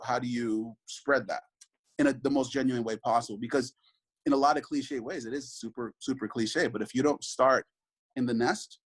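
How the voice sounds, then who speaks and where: On a low-quality recording, a husky, mid-range male voice is heard. He's a father in his thirties being interviewed, speaking earnestly and thoughtfully, with plenty of restarts and side comments.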